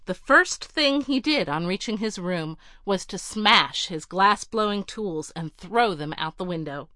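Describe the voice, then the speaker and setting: A woman narrating a storybook in a measured, clear reading. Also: mid-range voice, expressive, pushed and bright, dry recording, studio quality.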